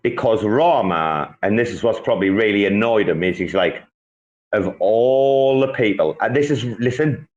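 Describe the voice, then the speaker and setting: A man hosting a casual online audio chat, talking in animated, swearing banter. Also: fairly low pitch, moderate pace, hardly any pauses, muffled recording. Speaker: host.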